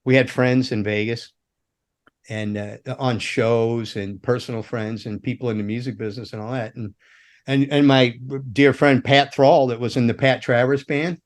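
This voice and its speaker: Man, middle-aged, from the US, ex-roadie guest, casual chat, rambling, profane, acts out quotes, mid pitch. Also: steady tone, normal speed. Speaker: podcast guest, former roadie.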